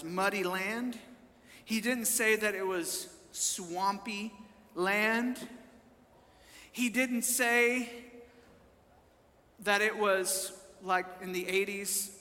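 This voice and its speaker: A man preaching with a very high, piercingly bright voice that rings through a reverberant church hall. He keeps calling out to the congregation, repeats his key phrases, and climbs into shouts. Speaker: pastor. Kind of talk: sermon. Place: church service.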